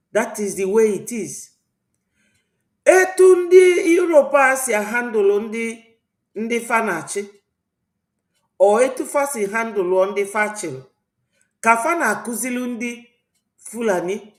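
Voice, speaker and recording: A woman from Southeast Nigeria with an Igbo accent hosts a political commentary vlog, talking in a rambling, preachy way. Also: medium pitch. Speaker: channel host. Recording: roomy echo.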